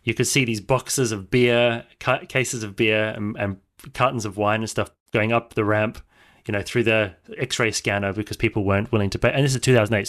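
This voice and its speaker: A man with an Australian accent tells animated stories as a guest on a casual chat show. His voice sits on the low side, and he builds the tale with relish, piling up details as he goes. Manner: animated anecdotal storytelling. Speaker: maritime historian guest.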